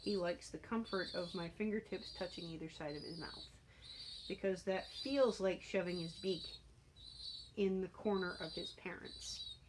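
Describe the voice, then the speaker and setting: A woman talking casually while training a young pigeon, calm and explanatory, breaking into high cooing baby talk at the bird. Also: moderate pace, background noise.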